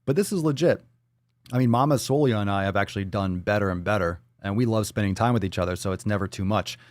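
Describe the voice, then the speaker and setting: A man hosts a casual live stream with a fairly low voice, loose and profane, joking as he reads comments aloud. The sound is close and dry, with no room around him. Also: fast, no room sound. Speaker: livestream host reading chat. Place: Florida.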